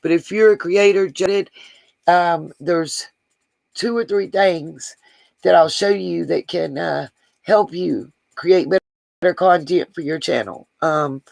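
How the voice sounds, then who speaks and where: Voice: medium pitch, vocal fry, a little mellow, no echo, rough recording. A man hosting a livestream, chatting casually and affectionately to viewers as he reads their comments aloud. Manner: affectionate, rambling, talks straight to viewers. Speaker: livestream host.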